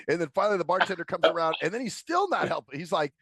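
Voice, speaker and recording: Podcast guy, gravelly, super animated storytelling, dry close sound. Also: on the high side, fast, no echo. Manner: animated storytelling, laughs often. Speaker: podcast co-host. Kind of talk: casual chat.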